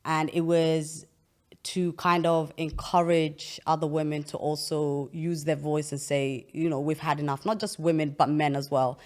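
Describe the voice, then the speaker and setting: A woman's voice: low-pitched, flat delivery, normal speed, a little mellow. A young woman hosting an interview, explaining at length in an earnest, casual way with frequent restarts. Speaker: podcast host.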